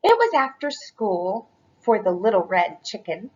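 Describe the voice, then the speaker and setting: Cheerful woman teacher reading a storybook to kids, encouraging and animated; lo-fi. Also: medium pitch, unhurried, slightly rough. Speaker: school curriculum specialist. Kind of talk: read-aloud lesson for children.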